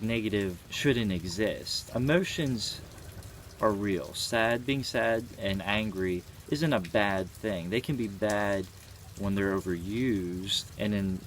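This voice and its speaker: A man's voice: fairly low pitch, a little hiss or hum. A man in his twenties talking casually and earnestly to camera, rambling with many fillers and the odd swear word. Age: 20s. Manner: rambling, frequent "you know" fillers. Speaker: vlogger. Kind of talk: casual reflective monologue.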